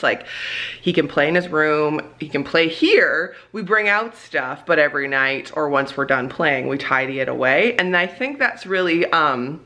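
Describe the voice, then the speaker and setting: A woman's voice: low voice, pushed and bright. A young woman vlogging casually at home, chatting with lots of fillers and frequent laughs. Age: young adult. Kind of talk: casual home vlog chat. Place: home, indoors.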